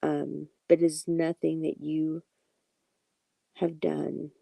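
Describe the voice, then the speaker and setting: A woman with a heavily gravelly, very dark and mellow voice, reassuring her viewers one by one in a casual live-stream chat. The sound is dry and close, and her pitch stays flat and unhurried. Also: dry recording. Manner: reassuring, talks directly to viewers by name. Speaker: tarot reader hosting a live stream.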